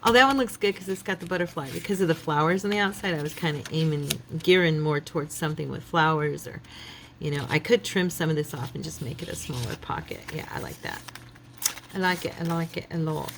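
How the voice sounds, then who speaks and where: A woman chats to her viewers while crafting at home, thinking aloud in a relaxed, self-deprecating way. Her voice sits low with a gravelly fry. A faint hiss runs behind her. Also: quick pace. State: yawning, relaxed. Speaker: craft channel host. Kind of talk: casual crafting chat to viewers.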